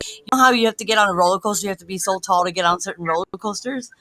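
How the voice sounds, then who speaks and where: A woman's voice: mid-range voice, racing, no room sound, low-quality recording. A woman in her thirties, a guest on a casual livestream chat, talking a lot and laughing often, calling in on a phone on speaker. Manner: talkative, laughing often, animated storytelling.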